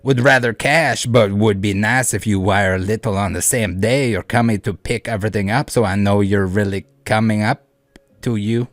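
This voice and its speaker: A man voicing a shady male scammer in a mock French cowboy accent, loud and drawled. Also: on the low side, fairly even intonation, moderate pace, no room sound, lightly acted. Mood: pushy. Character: shady male storage-locker scammer, pushy and smooth.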